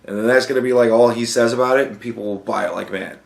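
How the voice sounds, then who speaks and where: A man's voice: medium pitch, fairly even intonation, quick pace, gravelly. A young man hosting a podcast, ranting sarcastically and swearing constantly. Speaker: podcast host. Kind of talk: profane casual rant. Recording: echoey room.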